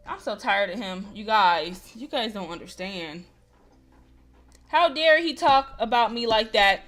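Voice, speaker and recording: A young woman hosting a visual novel playthrough, chatting to viewers with animated, casual asides. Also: medium pitch, unhurried, faint music behind. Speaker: gaming host.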